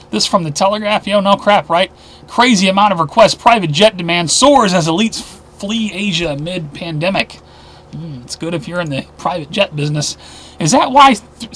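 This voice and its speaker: A man hosting a weekly news roundup, reading headlines aloud and adding sarcastic asides, often dropping to a low mutter. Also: a bit bright.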